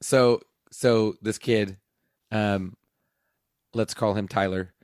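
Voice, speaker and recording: Male teacher, low-ish voice, casual rambling storyteller, dry sound. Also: fairly even intonation, takes it slowly, a little mellow, dry recording. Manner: rambling, laughing mid-story, acting out dialogue. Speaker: teacher and podcast host.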